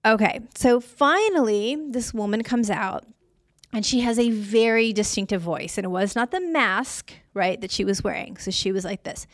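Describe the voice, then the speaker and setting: A woman in her fifties hosting a podcast. She tells a story in an animated, sarcastic way and laughs often. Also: fairly high pitch, normal speed, no echo, studio quality. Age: 50s. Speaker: podcast host. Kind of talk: storytelling monologue.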